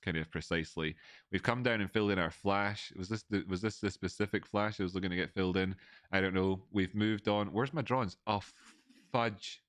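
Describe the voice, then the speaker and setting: A Scottish man with an Edinburgh accent hosts a casual livestream, rambling and restarting often as he reads donor messages and thanks viewers. His voice is on the low side, smooth and a bit bright, in a dry, clean studio recording.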